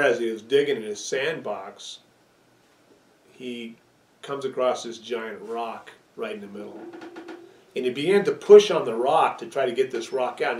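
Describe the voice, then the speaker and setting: Man, pastor delivering an earnest storytelling sermon, mid-pitched, a bit off-mic in a roomy space. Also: a little mellow, recorded from a distance. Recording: echoey room, away from the mic.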